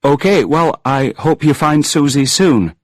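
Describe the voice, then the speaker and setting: A man's voice: a little high, expressive, unhurried, no echo, clean studio sound, voice pushed up. A man doing a groggy, flustered hungover writer. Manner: mumbling, protesting.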